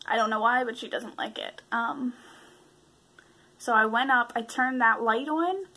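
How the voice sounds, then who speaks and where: A woman's voice: fairly high pitch, unhurried, pushed and bright, low-quality recording. A woman vlogger telling a spooky story to camera in a chatty, casual way, with swearing and fillers. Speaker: paranormal vlogger.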